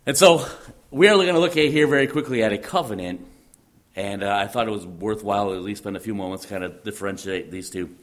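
A man's voice: lowish voice, fast. A man preaching a sermon, teaching emphatically and repeating phrases for stress.

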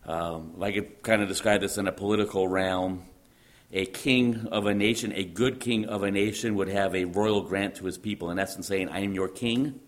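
A man's voice: lowish voice, little pitch movement, moderate pace. A man preaching a sermon, teaching emphatically and repeating phrases for stress.

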